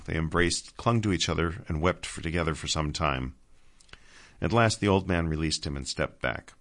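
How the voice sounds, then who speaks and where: Deep guy reading a story, slow and steady. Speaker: narrator. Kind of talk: audiobook narration.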